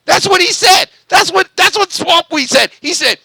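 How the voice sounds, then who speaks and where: A high-pitched, bright and gravelly man whooping and chanting over a CB radio. His voice is recorded dry and close, with a tense, forceful edge. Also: expressive, moderate pace, hardly any pauses, no room sound, poor audio. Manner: hyped, repetitive, cheerleading chants. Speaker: CB radio vlogger. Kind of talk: excited CB radio banter.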